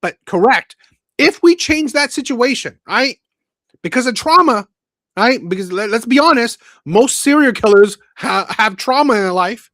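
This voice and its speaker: High-voiced bright male host. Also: expressive, normal speed, no room sound. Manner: rambling, repeats words, asks "right?" often. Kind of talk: casual call-in commentary.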